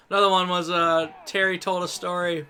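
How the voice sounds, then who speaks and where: A man with a high, bright voice tells rambling, crude stories while playing a game with friends. He talks casually, stumbling and restarting, and laughs at his own punchlines. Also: clean tone. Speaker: gaming streamer. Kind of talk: casual gaming banter and storytelling.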